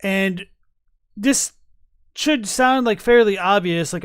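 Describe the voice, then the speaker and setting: High, smooth-voiced male streamer. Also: a little slow, dry recording, clean studio sound. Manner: chatty, many fillers and restarts, laughs. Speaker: streamer reacting to videos. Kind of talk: casual reaction commentary.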